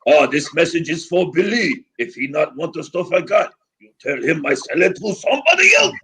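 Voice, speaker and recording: A man's voice: fairly high pitch, very animated, normal speed, bright, forceful tone, a little hiss or hum, pitched above the performer's own voice, full character voice. Man putting on a thick French accent, grimy dealer. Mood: wheedling. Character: grimy middle-aged French-Canadian male weed dealer.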